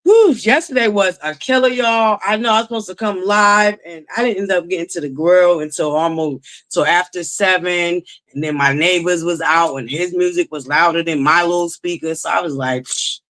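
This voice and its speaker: A woman's voice: lowish voice, normal speed, fairly bright tone. Woman, livestream host, casual chat, greets viewers by name.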